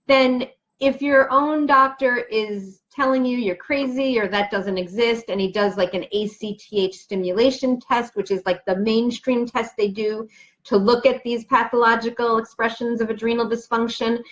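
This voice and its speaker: A woman naturopathic doctor with a voice on the high side gives an explanatory health talk to camera. She's chatty and emphatic, working through questions from her notes.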